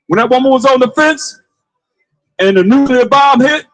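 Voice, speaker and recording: A man street preaching to passers-by, with forceful call-and-response, repeated phrases and bursts of shouting. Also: very high voice, normal speed, poor audio. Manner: forceful call-and-response, commands a reader to read.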